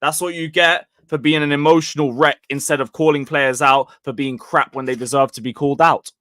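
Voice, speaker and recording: Young man, fan-channel host, rambling and sweary, a bit high, dry close mic. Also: fairly even intonation, brisk, fairly bright tone, dry recording. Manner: blunt, sweary, rambling, reading chat comments. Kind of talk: casual live match review.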